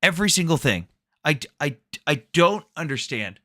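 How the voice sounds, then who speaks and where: A man with a high-pitched voice drives a heated live debate in a forceful, rapid-fire rush. He swears freely and talks over people. The sound is dry and close. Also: very animated, no echo. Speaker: debate host.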